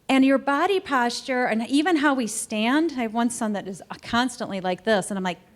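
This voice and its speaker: A middle-aged woman giving a customer service training talk in a conversational, animated way, acting out quoted exchanges. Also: fairly high pitch, fairly quick, few pauses. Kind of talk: training presentation. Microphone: recorded to camera.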